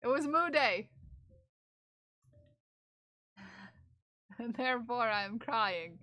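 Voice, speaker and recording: A woman's voice: fairly high pitch, expressive, drawn-out words, bright, forceful tone, dry recording. A woman streamer chatting casually with her viewers, reading their messages aloud and laughing often. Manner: chatty, giggly, reads chat aloud. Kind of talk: casual live-stream chat.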